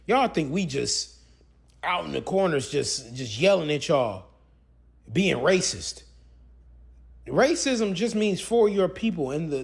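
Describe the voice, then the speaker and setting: Animated man preaching emphatically. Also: high-pitched. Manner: emphatic, repetitive, full of rhetorical questions. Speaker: religious commentator. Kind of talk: preaching commentary with scripture reading.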